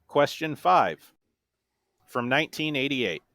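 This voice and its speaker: A man hosting a trivia round on a podcast, reading song lyrics in a deliberate flat monotone. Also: mid-range voice, no room sound. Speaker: guest quiz host. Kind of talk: reading quiz questions.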